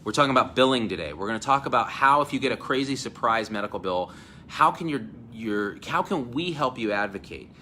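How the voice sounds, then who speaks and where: A man in his forties from New Jersey, hosting an energetic live chat at a hotel event and telling stories with acted-out quotes. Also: medium pitch, brisk, slight background noise. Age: 40s. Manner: animated, storytelling, acts out quotes. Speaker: host. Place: hotel event space with crowd.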